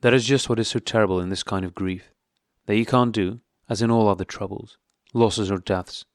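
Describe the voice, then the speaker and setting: A man reading a classic novel aloud as an audiobook narrator, in a calm, steady way. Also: lowish voice, brisk, no room sound, studio quality.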